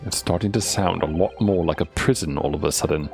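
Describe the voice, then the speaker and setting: A man's voice: low-pitched, a little fast, creaky, few pauses, a little mellow, faint music behind. A man streaming a courtroom game, thinking aloud in casual, muttered commentary.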